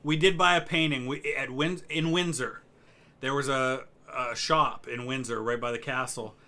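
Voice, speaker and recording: A man's voice: medium pitch, normal speed. A middle-aged American man, co-hosting a live stream, chatting casually and answering viewers' questions. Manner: relaxed, rambling, answers chat questions. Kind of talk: casual chat.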